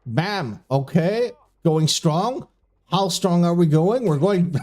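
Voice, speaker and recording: A man's voice: on the high side, slow, dark tone. A man streaming live video game commentary on a community tournament, often breaking into giggling fits and tripping over his words. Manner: trips over his words and restarts when flustered.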